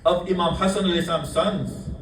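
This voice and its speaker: A man's voice: high-pitched, quick pace, a bit bright, a little hiss or hum. A man delivering a mourning sermon to a congregation, addressing brothers and sisters and retelling a story in quoted speech. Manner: addresses the congregation, voices quoted figures in the telling. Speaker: speaker at a mourning gathering. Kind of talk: mourning sermon with chanted salutations. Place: mosque hall. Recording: echoey hall, voice from a distant mic.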